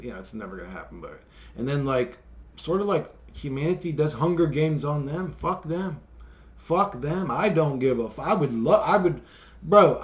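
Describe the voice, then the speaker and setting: Man, slightly high voice, ranting to his viewers; loose, profane, chuckles often. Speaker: vlogger. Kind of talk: rambling conspiracy rant to viewers.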